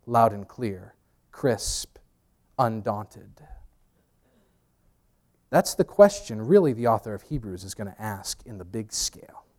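A man preaching a sermon in a conversational way, swinging between hushed and emphatic lines, with pop-culture asides and self-deprecating humor. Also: on the low side, expressive, slow, long pauses. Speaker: pastor.

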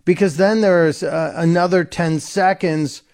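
A male talk radio host delivers an opinionated solo monologue. He speaks in a slightly higher register for a man and mocks the people he talks about with a sarcastic edge. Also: a little slow, clean tone. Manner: sarcastic, animated commentary with mocking quotes.

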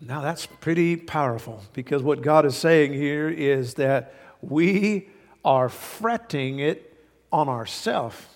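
A man's voice: fairly high pitch, slow pace. A male pastor preaching a sermon in earnest, hammering points home by repetition and folksy stories. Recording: long reverb of a large hall.

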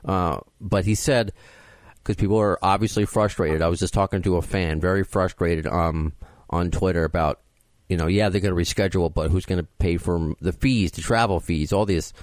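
A podcast host, chatting casually and poking fun at himself, with frequent restarts. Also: male voice, low-pitched, steady tone, normal speed, no echo. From Queens, New York. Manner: self-deprecating, rambling with restarts.

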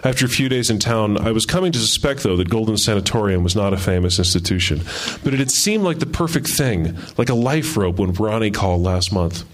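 A man reads a first-person story aloud at a measured pace, with a wry touch in his delivery. His voice sits on the low side. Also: expressive. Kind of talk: reading his fiction aloud.

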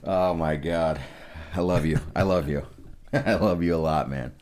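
A man with a very deep, low voice hosts a casual podcast conversation. He talks bluntly and swears freely as he reacts to his guest. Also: a little slow, a little mellow. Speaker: podcast host.

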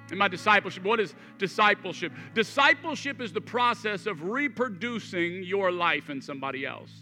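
Male pastor, thirties, high and sharply bright, church hall reverb, storytelling sermon with hushed-to-emphatic swings. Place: church auditorium. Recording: long reverb of a large hall.

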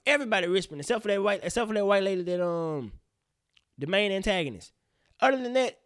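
A man hosting a casual solo podcast, rambling in slang with profane, animated outbursts. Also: high-pitched, quick pace, no echo, clean studio sound. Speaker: podcast host.

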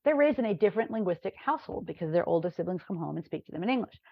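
A woman from New York, a professor talking as an interview guest, telling stories in a lively way and often checking in with "right?". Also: lowish voice, very fast, husky, dry recording. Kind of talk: conversational interview. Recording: dry, dull lo-fi remote recording.

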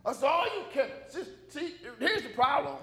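A man's voice: extremely high pitch, sing-song, moderate pace, vocal fry, fairly bright tone. A man preaching a sermon in a church, emphatic and joking, driving call-and-response with the congregation. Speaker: pastor.

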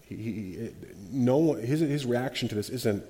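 Animated man leading a Bible study. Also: mid-range voice, normal speed, big-room sound. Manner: animated, acts out quotes, frequent restarts.

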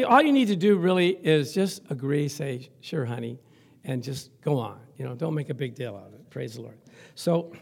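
Man, pastor, sermon, high pitch, animated, chuckling, reads scripture. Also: vocal fry.

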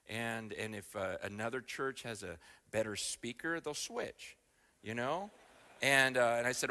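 An American man telling a story in a sermon, animated, his voice climbing high and loud when he gets excited. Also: creaky. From United States. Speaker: guest speaker.

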